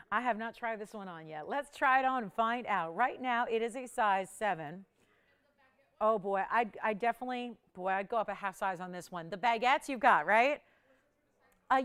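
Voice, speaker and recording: A woman with a fairly high, smooth and clear voice hosts a live shopping broadcast. She talks up rings with chatty urgency and counts prices down to push viewers to call in. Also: fairly bright tone. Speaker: home shopping host. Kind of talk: live home-shopping sales pitch.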